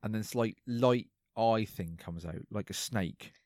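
A man's voice: lowish voice, measured pace, darkish tone, dry recording, studio quality. A man co-hosting a podcast, casually recapping an episode in a rambling, hesitant way with lots of fillers.

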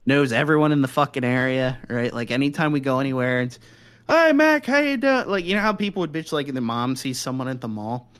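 A man's voice: medium pitch, fast talker, fairly bright tone, clear, resonant tone. A man co-hosting a podcast in casual chat, telling long rambling stories full of swearing and "like". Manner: rambling, profane storytelling with frequent "like" and laughs. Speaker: podcast co-host.

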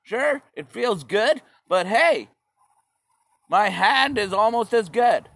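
A man's voice: high-pitched, lively intonation, slow pace, gravelly, fairly bright tone, dry recording. A man delivering a profane, sarcastic stand-up rant, rambling and swearing often. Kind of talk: profane ranting stand-up monologue.

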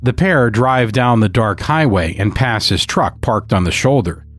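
A man narrating a dark story in a measured, scripted storytelling manner. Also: medium pitch, no room sound.

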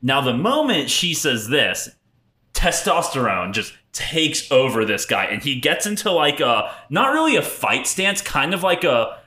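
A man's voice: on the high side, very animated, a little slow, sharp tone, roomy sound. A brash young man telling a party story on a podcast, laughing and acting out the people he quotes. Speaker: podcast co-host. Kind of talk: casual storytelling chat.

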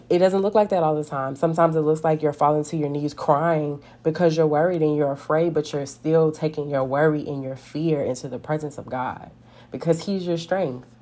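A woman's voice: sits low, dark tone. A woman giving an earnest, conversational devotional talk, reading scripture and speaking plainly, with many "like" fillers.

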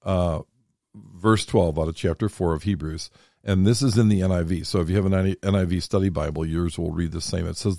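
A man's voice: low-pitched, fairly even intonation, fairly quick, gravelly, mellow, dry recording. A man hosting a faith podcast in a studio, talking earnestly and reading scripture and commentary aloud. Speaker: podcast host.

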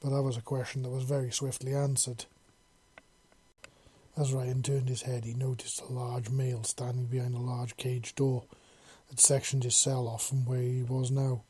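Husky-voiced man narrating a sci-fi story. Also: mid-range voice, normal speed. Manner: steady descriptive storytelling. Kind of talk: reading a sci-fi fan story aloud.

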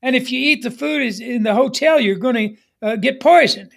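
A sour, gloomy barber who sneers at everything, as a preacher puts him on in a sermon joke. His complaints come loud and rushed. The voice is plain and close to the speaker's own. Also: medium pitch, gravelly. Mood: scornful. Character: gloomy male barber, a naysayer. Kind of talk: joke told within a sermon.

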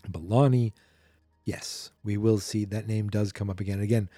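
A man's voice: fairly low pitch, fairly even intonation, normal speed, dark tone, no room sound, studio quality, faint music behind. A man hosting a podcast, casually recapping a film in a chatty, rambling way that often corrects itself mid-sentence. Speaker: podcast host. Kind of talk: casual movie recap commentary.

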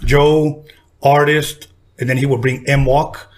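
A man hosting a casual talk, telling a story with animated delivery and acting out the voices of people in it. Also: slow. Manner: animated, acts out quoted voices with jumps in pitch. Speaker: podcast host telling a story.

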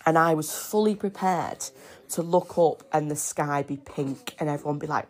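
A young woman hosting her own podcast, her voice pitched notably low. She tells a personal story in a chatty, excitable way, like she is chatting with a friend. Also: measured pace. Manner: chatty, excitable, breaks off to coo at her baby. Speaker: podcast host. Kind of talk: casual storytelling.

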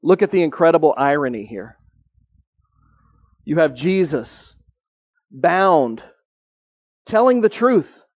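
This high-voiced pastor preaches earnestly in a sing-song manner with a breathy edge, lifting his pitch on the points he means to land and slowing dramatically to emphasize them. The recording is close and completely dry.

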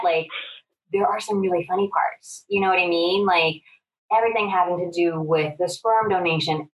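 A woman comedian talking casually on a podcast, chatty and animated, with lots of "like" as she tells stories. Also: fairly low pitch, recorded from a distance, low-quality recording. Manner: chatty, heavy use of "like", animated storytelling. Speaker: comedian and guest.

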